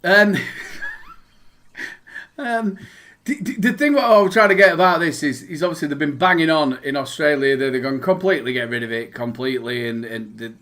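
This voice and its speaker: A man's voice: on the high side, moderate pace, a bit bright. A Northern English man co-hosting a casual podcast chat, rambling with restarts and reading news aloud. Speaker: podcast co-host.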